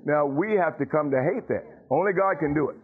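A man's voice: fairly high pitch, a little fast. A male pastor preaching to his congregation, repeating phrases and asking "huh?" to press his point. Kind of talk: sermon. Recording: muffled lo-fi recording.

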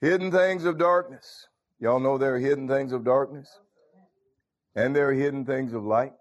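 A man's voice: mid-range voice, normal speed. Folksy preacher man, lo-fi recording. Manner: folksy, calls out to congregation members by name. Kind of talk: informal sermon to a small congregation.

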